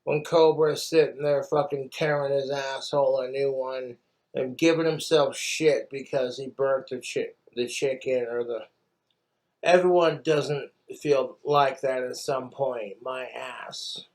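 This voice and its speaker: A man's voice: medium pitch, steady tone, unhurried, rough recording. Exasperated, self-scolding man vlogging his cooking. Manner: frustrated, self-scolding, heavy swearing; talks to himself and the camera while cooking. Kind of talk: casual cooking vlog.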